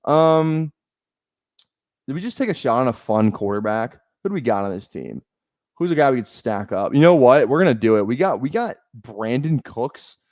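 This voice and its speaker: A young man from Minnesota riffing casually on a live stream. He rambles, restarts and jokes as he thinks aloud. The sound is dry and close to the microphone, at a middling pitch. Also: big pitch swings, normal speed, a little mellow, no room sound. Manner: rambling, joking, many fillers and restarts. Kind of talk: casual live-stream chat while drafting.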